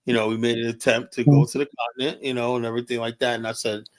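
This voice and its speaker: A man's voice: mid-range voice, flat delivery, rapid-fire. A man hosting a livestream panel, venting in a long, profane, rambling rant full of "you know?" tags. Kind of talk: heated panel debate.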